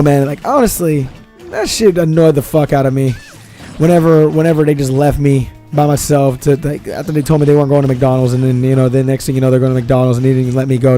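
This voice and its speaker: A man's voice: fairly high pitch, warm tone. A young man telling a casual, rambling story about a falling-out with a friend, swearing often and repeating himself with slangy "bro" and "man". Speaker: vlogger.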